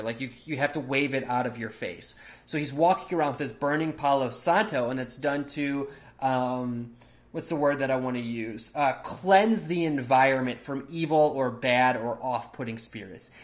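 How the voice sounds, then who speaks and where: Man telling a story on his podcast. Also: medium pitch. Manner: loose, chatty, with frequent fillers and casual swearing. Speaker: podcast host. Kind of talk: casual storytelling monologue.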